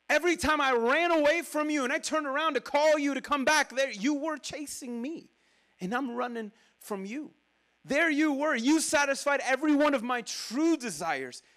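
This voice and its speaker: The preacher is a man with a very high voice, animated and conversational as he delivers his sermon. At moments he abruptly lowers his voice for quiet asides to the congregation.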